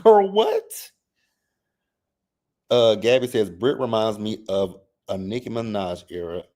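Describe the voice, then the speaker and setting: A man hosting a casual reality TV recap, reading chat comments and reacting in a sassy, animated way. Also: normal speed. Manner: sassy, animated, mimics cast members with exaggerated high voices; repeats phrases for emphasis.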